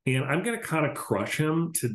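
A man's voice: on the high side, very animated, normal speed, a bit bright. Ranting male podcaster in a roomy echo. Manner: casual, profane, ranting. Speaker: podcast host. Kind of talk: solo podcast commentary.

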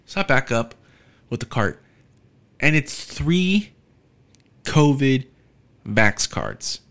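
A man's voice: mid-range voice, very animated, takes it slowly, a bit bright. Casual, profane young man podcasting. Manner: loose, profane storytelling with many ums and asides. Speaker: podcast host. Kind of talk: casual solo podcast monologue.

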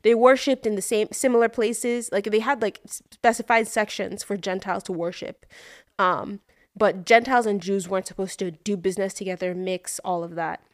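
Woman, podcast co-host, animated storyteller, dry close sound. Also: mid-range voice, normal speed, dry recording. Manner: animated storytelling, acts out voices in quotes. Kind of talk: casual chat.

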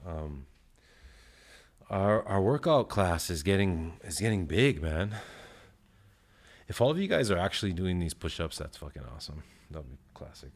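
A man with a very low voice hosts his own podcast alone, talking loosely and swearing freely. His delivery is rambling and full of fillers, and he sounds a little short of breath. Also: lively intonation, normal speed, pauses often. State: out of breath after push-ups. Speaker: podcast host. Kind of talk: casual solo podcast chat.

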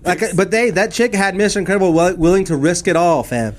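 A young man bantering casually as a stream co-host, slangy and quick to laugh. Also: high-pitched.

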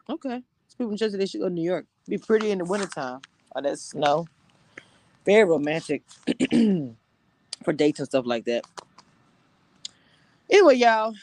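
A woman's voice: medium pitch, a little mellow, no echo, low-quality recording. Livestream host, woman from Louisiana, sassy and teasing, on a phone in a dry, close sound. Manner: sassy, playful, teasing, quick to laugh. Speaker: reality TV reviewer, livestream host. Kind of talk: casual livestream chat with viewers. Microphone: phone with headphones.

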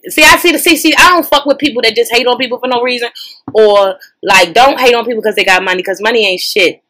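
A woman hosting a podcast, giving sassy, profane, animated reaction commentary in as she scrolls social media. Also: on the high side, fast.

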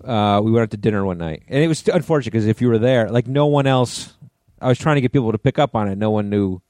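A man's voice: lowish voice, quick pace, darkish tone, no echo, clean studio sound. A middle-aged man co-hosting a podcast, telling rambling stories in casual chat, full of restarts and swearing. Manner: rambling storyteller with many restarts and profanity. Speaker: podcast co-host.

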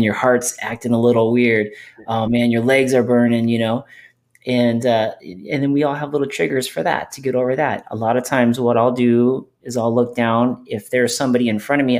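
A man hosting a podcast, chatting in a relaxed, conversational way with many fillers. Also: medium pitch. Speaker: podcast host. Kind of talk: casual podcast chat.

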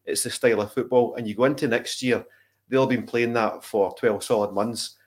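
A man's voice: mid-range voice, fairly even intonation, brisk. A man giving his views in a casual football podcast chat.

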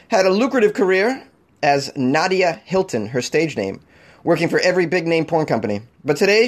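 A man hosting a comedy weird-news show, riffing on stories in a jokey, rambling way. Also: sits high. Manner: jokey, rambling, quick to laugh.

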